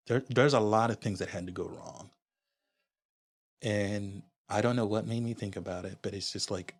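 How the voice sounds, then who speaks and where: A low-voiced man from Honduras shares a personal story as a podcast guest. His tone is husky and slightly breathy, and he speaks candidly and reflectively, often restarting a thought mid-sentence. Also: normal speed.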